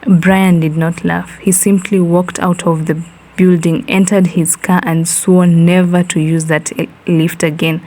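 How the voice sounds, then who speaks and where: A woman narrating a comic horror story in an unhurried way, dropping in slang asides. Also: fairly low pitch, little pitch movement, mellow, low-quality recording.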